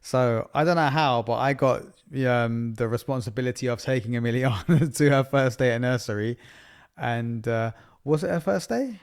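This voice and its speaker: A man's voice: medium pitch, normal speed, clear, resonant tone. A man in his thirties co-hosting a family podcast, chatting casually and sentimentally, often laughing through his stories. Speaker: podcast co-host. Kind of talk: casual chat.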